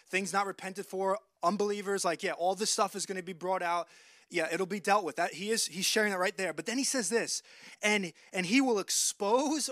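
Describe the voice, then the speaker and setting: A man preaching a sermon. He speaks earnestly and emphatically, repeats words as he restarts phrases, and drops soft and low for emphasis. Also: no room sound, studio quality.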